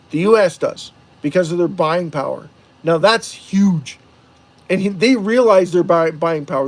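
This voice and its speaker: A man's voice: high voice, a little mellow. A man hosting a livestream, rambling and putting rhetorical questions to the chat. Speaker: livestream host. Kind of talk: casual livestream talk to chat viewers.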